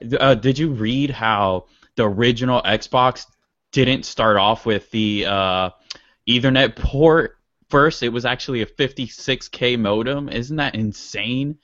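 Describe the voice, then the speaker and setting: A man's voice: mid-range voice, unhurried, a bit bright, dry recording. A man chatting on a podcast, eager and enthusiastic. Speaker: podcast panelist. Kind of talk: casual chat. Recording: dull lo-fi sound.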